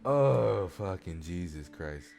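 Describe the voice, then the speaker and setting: A man's voice: sits low, takes it slowly, vocal fry. A man co-hosting a casual podcast, reading stories aloud and laughing often between lines. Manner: laughing, animated, swearing. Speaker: podcast co-host.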